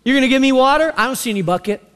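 A man's voice: sits high, fairly quick, fairly bright tone. A man voicing a guarded, sarcastic Samaritan woman with plenty of attitude, in a sermon. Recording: long reverb of a large hall.

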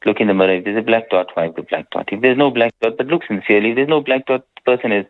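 Stern scholar on radio. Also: male voice, fairly low pitch, rapid-fire. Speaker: Islamic scholar answering listener questions. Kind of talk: radio call-in talk. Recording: dull radio broadcast sound.

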